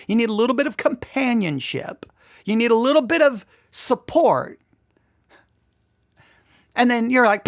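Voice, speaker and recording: Woman podcast host, fairly high voice, very lively pitch, animated commentary. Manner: animated, slips into acting out the voices. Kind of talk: song lyric commentary.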